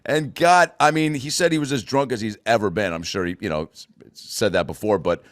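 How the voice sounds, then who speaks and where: Clean studio audio with no echo captures a man from the United States hosting a podcast. He talks in a lowish, brisk voice, rambling loosely through casual chat peppered with swearing.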